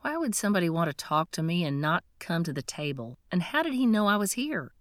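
A woman reads a first-person story in a steady, scripted narration. Her voice sits on the low side, and the recording is dry and close with no room sound. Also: fairly quick, no room sound. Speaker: audiobook narrator.

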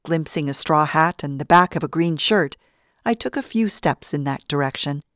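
A woman narrating a novel in a steady storytelling read. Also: low voice, normal speed, no room sound, studio quality. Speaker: audiobook narrator. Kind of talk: scripted narration.

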